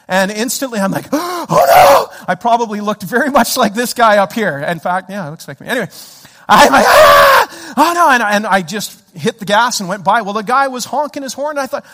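A man preaching a sermon, telling a story with lively animation and acting out his own frustrated shouts. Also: high voice, quick pace, few pauses. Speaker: pastor. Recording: church hall reverb.

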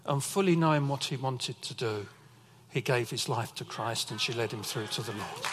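A man's voice: mid-range voice, moderate pace, long reverb tail, heavy background noise. A man preaching a sermon as pastor, telling personal stories as testimony. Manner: storytelling, emotional testimony.

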